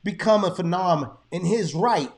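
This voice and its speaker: A man's voice: high-pitched, lively intonation, normal speed. A man in his thirties, hosting a boxing podcast in casual chat, telling stories, swearing freely and slipping into Spanish. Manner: laid-back storytelling, swears freely, slips into Spanish.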